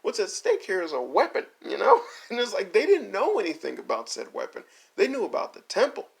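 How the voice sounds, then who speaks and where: A man's voice: sits high, wildly swooping pitch, vocal fry. A man in a casual, exasperated rant reviewing an anime, swearing and laughing as he mocks the characters. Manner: mocks characters in quick put-on voices. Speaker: video essay host.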